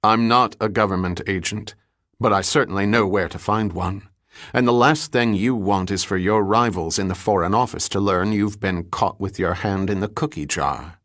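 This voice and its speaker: Man reading a cold, shrewd detective, low-voiced and firm. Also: moderate pace, fairly bright tone, no echo, studio quality. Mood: cold, pressing. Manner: clipped and firm. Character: cool, shrewd male detective, pressing hard.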